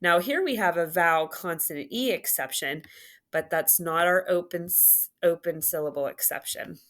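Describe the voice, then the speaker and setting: A woman's voice: fairly low pitch, fairly bright tone. A woman teaching a phonics lesson, patiently sounding out and drawing out words and syllables. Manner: slow, patient, drawn-out enunciation of sounds.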